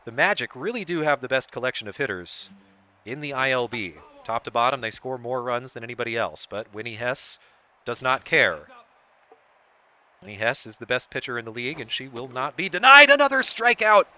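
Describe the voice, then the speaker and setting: This streamer commentates a baseball video game like a broadcaster, his voice jumping on big plays. He speaks a little fast with medium pitch and a sharp tone, over dull audio.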